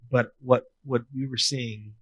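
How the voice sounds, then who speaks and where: A man in his thirties preaches in a relaxed, conversational way. He slips into playful asides. His voice sits at an ordinary middle pitch. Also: measured pace, breathy edge, low-quality recording. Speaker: pastor. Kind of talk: sermon.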